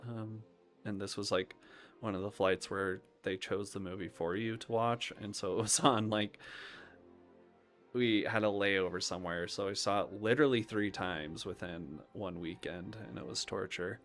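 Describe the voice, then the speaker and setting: A man's voice: fairly low pitch, normal speed, a bit bright, soft background music. A young man hosting a live stream, chatting casually about movies in a rambling way, with lots of ums and half-finished thoughts. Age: young adult.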